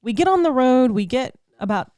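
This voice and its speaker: A woman podcast host telling a story in a casual, animated way, laughing often and acting out the people she quotes. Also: high-pitched, brisk, no echo, studio quality.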